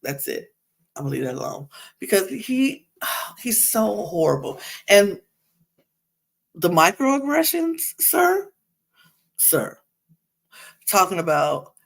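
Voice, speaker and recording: A woman hosting a podcast, recapping a reality show in an animated, exasperated rant full of asides. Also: medium pitch, slow pace, gravelly, pauses often. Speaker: podcast host.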